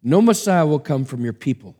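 A man's voice: on the high side, lively intonation, a little fast, warm tone, slightly rough. A man preacher reading the lines of Satan, a scheming, defiant fallen angel, in an emphatic, taunting way. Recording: long hall reverb.

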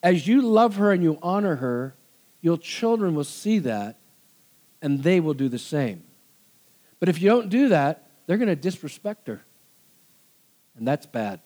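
A middle-aged man preaching a conversational sermon, animated and given to laughter, acting out quoted voices. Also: a little high, measured pace, long pauses. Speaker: pastor.

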